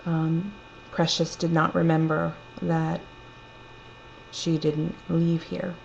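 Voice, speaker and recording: A woman with a lowish voice tells a personal story in a gentle, reflective way, taking her time. The recording is a little dull and lo-fi, with a faint hum underneath. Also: flat delivery, slow pace, vocal fry. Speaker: storyteller sharing a personal testimony.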